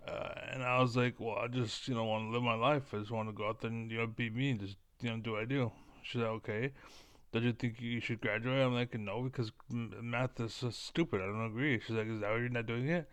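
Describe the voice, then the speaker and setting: A self-assured man rambles bluntly to his audience, circling back and restating his points. His voice is smooth and clean. The sound is dry and close, with no room around it. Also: mid-range voice, fairly even intonation, a little fast, fairly bright tone, no room sound. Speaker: online commentator. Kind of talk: casual monologue to camera.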